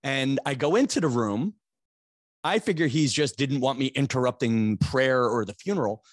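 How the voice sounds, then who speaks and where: A man's voice: medium pitch, normal speed, no room sound, studio quality. A man, hosting a podcast and telling a rambling comic story, self-mocking and building to exasperated outbursts. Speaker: podcast host.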